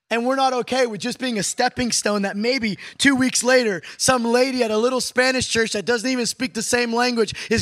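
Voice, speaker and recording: A man preaching in a conversational teaching style, animated and playful with quick asides to his listeners. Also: high voice, no echo, clean studio sound. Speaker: preacher teaching a class on prayer.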